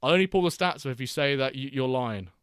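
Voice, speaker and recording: A man's voice: medium pitch, quick pace, a bit bright, clear, resonant tone, no room sound, studio quality. A man hosting a live watchalong stream, reading chat aloud and bantering with a jokey, laughing manner.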